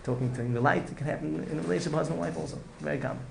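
A man's voice: a little high, very fast, gravelly, darkish tone, a little hiss or hum. A man giving an earnest Torah lecture as a rabbi, repeating himself and restarting phrases. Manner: earnest, repetitive, restarts phrases, mixes in Hebrew and Yiddish words. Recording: echoey room with faint ambience.

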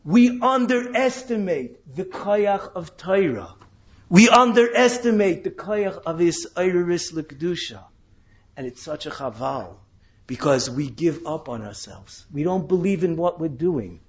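A man preaches a sermon at an unhurried pace, his slightly high voice climbing sharply into impassioned questions. The recording sounds dull and lo-fi. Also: very animated. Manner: impassioned, dramatic rises into questions, with Hebrew and Yiddish terms. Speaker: rabbi giving a Torah talk.

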